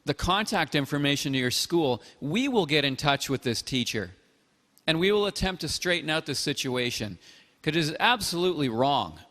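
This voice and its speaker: A man's voice: a little high, animated, normal speed, bright, forceful tone, big-room sound. A man hosting a call-in chat show, talking earnestly and measuredly, with frequent hesitant fillers. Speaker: host.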